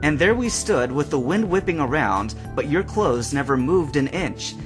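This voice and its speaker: A man's voice: on the high side, normal speed, music in the background, voice pushed up, close to an everyday voice. A man voicing a cool, probing teenage boy. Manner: calm, probing, dry.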